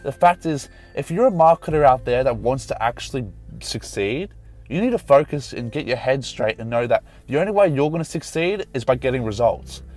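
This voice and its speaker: A man's voice: medium pitch, animated, brisk, a little mellow. A man who hosts a podcast and works in marketing, ranting without a script. He swears, gets heated, and apologizes for his anger. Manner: angry, passionate, swearing, apologetic. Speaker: podcast host and Facebook marketer. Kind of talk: unscripted podcast rant.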